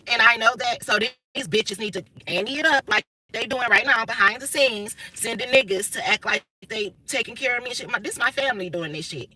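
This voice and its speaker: A woman's voice: fairly high pitch, a little fast, few pauses, sharp tone, breathy edge, low-quality recording. A woman, talking bluntly and profanely through a casual livestream monologue. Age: 30s. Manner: blunt, profane, emphatic storytelling. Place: inside a car.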